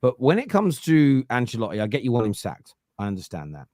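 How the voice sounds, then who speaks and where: A man's voice: mid-range voice, wildly swooping pitch, fairly quick, a little mellow, dry recording, clean studio sound. A man hosting a football podcast, asking long probing questions. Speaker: podcast host. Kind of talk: podcast chat.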